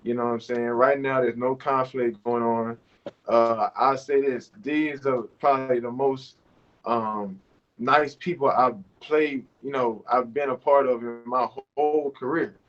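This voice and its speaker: A man's voice: medium pitch, measured pace. Man, 30s, overseas basketball player, casual interview, rambling with fillers, muffled lo-fi call audio. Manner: relaxed and rambling, with many fillers. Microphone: video call.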